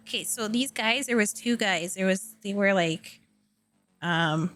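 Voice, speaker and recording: A woman's voice: mid-range voice, unhurried, fairly bright tone. A woman streamer chatting casually and rambling while playing a story game. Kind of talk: casual let's-play commentary. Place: home streaming setup.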